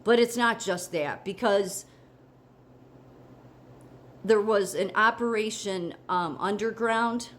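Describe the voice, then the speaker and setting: A woman's voice: medium pitch, takes it slowly, pauses often, a bit bright. Heated, indignant American woman ranting. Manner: heated, indignant, rambling with restarts. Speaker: political commentary vlogger. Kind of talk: casual opinion monologue.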